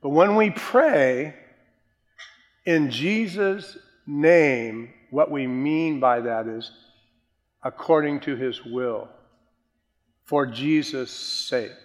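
A male preacher delivers an emphatic sermon at an ordinary middle pitch. He hits some words hard and lets others sink low and soft. His voice rings with the long reverb of a large hall. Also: extremely slow, long pauses. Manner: emphatic, swinging between loud stresses and quiet drops.

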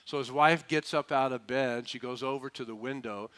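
A man's voice: mid-range voice, fairly even intonation, normal speed, fairly bright tone, clear, resonant tone. A male pastor preaching a sermon in an emphatic, folksy, humorous way, prompting the congregation to answer. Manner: emphatic, calls for audience responses.

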